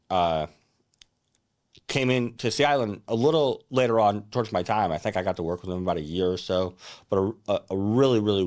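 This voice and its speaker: Deep-voiced young man telling his story. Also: darkish tone. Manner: earnest and reflective, with many restarts and fillers like "like" and "right?". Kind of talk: casual first-person storytelling, read from a teleprompter.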